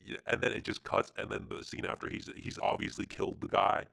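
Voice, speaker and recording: A man hosting a podcast, chatting casually about films in a slangy, animated way. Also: a little fast, dry recording. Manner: slangy, animated, says dude and bro. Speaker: podcast host. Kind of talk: casual film chat.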